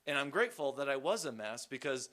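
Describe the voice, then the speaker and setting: A man's voice: medium pitch, very animated, quick pace, a bit bright. A man giving a personal recovery testimony at a meeting, candid and self-deprecating, rambling loosely with many fillers.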